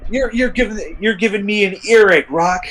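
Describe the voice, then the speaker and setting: A man's voice: high voice, moderate pace, a bit bright, slight background noise, voice pushed up. Man doing a smug, whiny wrestler. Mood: mocking. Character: smug male pro wrestler heckling a rival.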